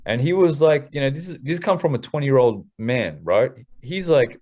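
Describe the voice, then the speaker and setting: A man in his thirties with an Australian accent, a hip-hop artist telling stories in a casual interview, candid and quick to swear. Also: medium pitch, lively intonation, a little mellow. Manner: candid, swears freely, fast slangy storytelling.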